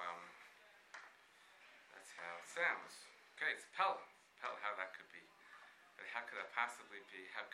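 Bright-voiced man giving a Talmud class. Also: mid-range voice, slight background noise. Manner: animated, questioning, frequent restarts. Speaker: Torah teacher. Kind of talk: Talmud lecture. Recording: echoey room with faint ambience.

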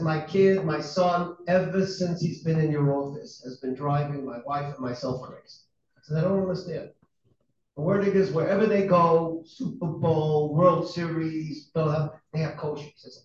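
High-pitched man telling a story in an echoey hall. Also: a little hiss or hum. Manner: animated, laughs often, acts out other speakers in the story. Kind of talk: anecdote told to an audience. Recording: echoey hall, distant mic, dull sound.

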